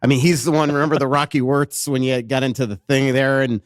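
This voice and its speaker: A man hosting a podcast in front of a live audience, telling animated stories and acting out what people said. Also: mid-range voice, fast, no echo, clean studio sound. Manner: animated storyteller, acts out quotes. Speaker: podcast host and hockey writer. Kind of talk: casual chat before a live audience.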